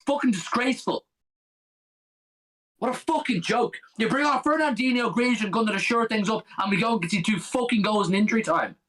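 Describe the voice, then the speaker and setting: A man's voice: high-pitched, a little fast, fairly bright tone, rough recording. A young man co-hosting a live football watch-along, ranting furiously and swearing constantly at his team.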